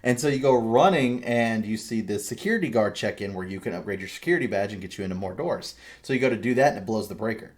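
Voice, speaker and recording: Man, podcast host, lowish voice, rambling and animated, swears a lot. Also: quick pace, few pauses. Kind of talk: casual chat.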